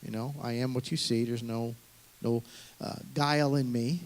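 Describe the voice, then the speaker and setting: A middle-aged man preaches to his congregation in an earnest, conversational way. His voice sits in an ordinary middle pitch, and he often circles back and restarts a phrase as he works through his point. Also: fairly even intonation, normal speed. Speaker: pastor. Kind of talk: sermon.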